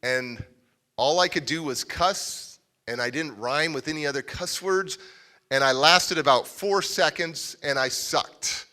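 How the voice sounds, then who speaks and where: A man's voice: fairly high pitch, unhurried. A man giving a live motivational speech, telling a story and acting out the voices of the people in it. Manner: animated, acts out quoted voices. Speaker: motivational speaker. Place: civic center stage.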